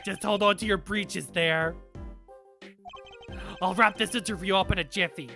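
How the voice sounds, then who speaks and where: A woman voicing a smarmy, pushy male reporter in a game, loud and clownish in manner. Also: mid-range voice, fairly even intonation, normal speed, faint music behind, voice pushed down. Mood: showy.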